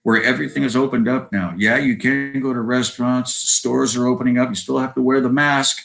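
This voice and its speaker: A man's voice: medium pitch, little pitch movement, brisk, gravelly, a bit bright, rough recording. A man around seventy with an American accent, a guest chatting in a rambling way over a video call and tagging his sentences with "you know" and "right?". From Southern California. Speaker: guest musician. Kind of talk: casual interview chat.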